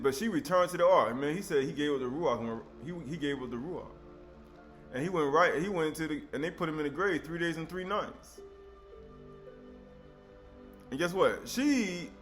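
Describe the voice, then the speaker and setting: A man's voice: a little high, fairly bright tone. A man preaching an informal sermon, reading scripture and breaking into conversational asides and rhetorical questions.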